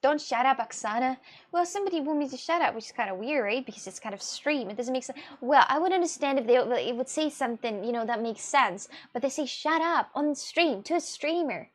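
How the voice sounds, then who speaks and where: A woman's voice: sits high, lively intonation, fast talker, hardly any pauses. A young Russian woman with a Russian accent, chatting casually with viewers on her live stream, rambling and laughing often. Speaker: livestreamer.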